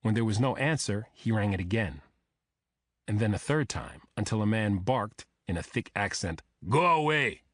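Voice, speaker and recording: Low-voiced man reading a thriller. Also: moderate pace, no room sound, studio quality. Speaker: audiobook narrator. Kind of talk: first-person thriller narration.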